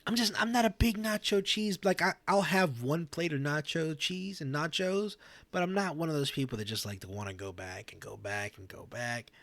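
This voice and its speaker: A man's voice: on the high side, normal speed, fairly bright tone, no room sound. A man playing a goofy talk show host in a role-play game, joking around in casual banter with frequent stammered restarts. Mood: easygoing banter.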